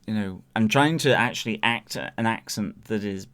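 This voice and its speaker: Smooth-voiced man rambling on a podcast. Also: on the low side, moderate pace, fairly bright tone. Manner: rambling, searching for words. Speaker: podcast co-host. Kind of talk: casual TV review chat.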